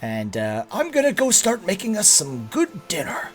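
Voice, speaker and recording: Tabletop game role: a man putting on a courteous male servant, raised pitch, eager to please. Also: wildly swooping pitch, moderate pace, faint music behind. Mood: polite. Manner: courteous, welcoming. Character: polite male servant, courteous host's helper.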